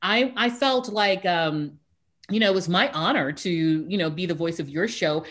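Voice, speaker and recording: A woman hosting an interview, excitably telling a story and acting out her own reactions with frequent laughs. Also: lowish voice, normal speed. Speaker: talk show host, voiceover artist. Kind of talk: casual interview chat.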